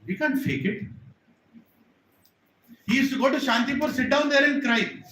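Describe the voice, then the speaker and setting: A man's voice: very high-pitched, normal speed, long pauses, bright, forceful tone, slight background noise. A man giving an earnest sermon in a temple hall, talking straight to his listeners and repeating his points. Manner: earnest, repetitive, addresses the audience directly. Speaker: preacher. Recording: echoey hall, distant mic.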